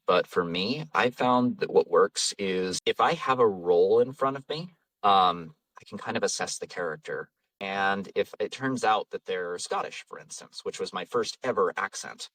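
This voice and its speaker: A man's voice: low-pitched, lively intonation, normal speed, few pauses, a bit bright, no room sound, far from the mic, rough recording. A man, an audiobook narrator and voice actor, chatting casually in an interview, rambling and self-deprecating, laughing often. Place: home vocal booth.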